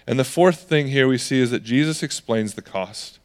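A pastor delivers a conversational sermon in a mid-range voice at normal speed. He is animated and lively, slipping into the voices of the people he quotes.

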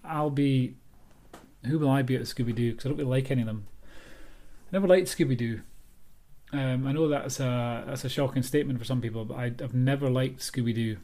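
In a brisk, warm voice of medium pitch, a Scottish author chats by himself on his podcast. The monologue is casual, meandering and self-deprecating.

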